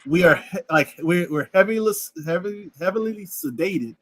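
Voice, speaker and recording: A man's voice: high-pitched, moderate pace. A man from Louisiana with a New Orleans accent, co-hosting a casual podcast chat and telling stories with lots of laughter. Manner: animated storyteller, laughs often, slips into character voices. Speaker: podcast co-host.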